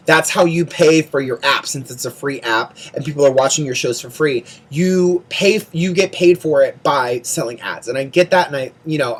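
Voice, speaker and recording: A casual vlogger talking through a show recap at an ordinary middle pitch. The delivery swings between gushing praise and exasperated ranting, with lots of "like" and rapid repeated words. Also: slightly rough. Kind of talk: casual chatty recap monologue.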